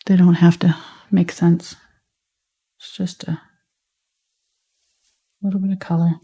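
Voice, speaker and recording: A woman with a light Southern US accent, teaching a live painting tutorial in a relaxed, chatty way while she paints. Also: on the low side, takes it slowly. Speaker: painting instructor.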